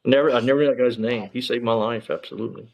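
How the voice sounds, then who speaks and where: A man's voice: medium pitch, fast, vocal fry, darkish tone, muffled recording. A man, a former police officer telling his story in a casual interview, rambling with lots of fillers and frank swearing.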